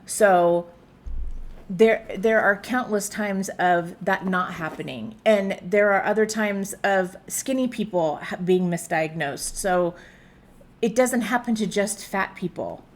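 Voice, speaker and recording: A woman's voice: medium pitch, slow. A woman in her thirties from the United States, chatting casually as she reacts to a video, with frequent fillers. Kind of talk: casual commentary.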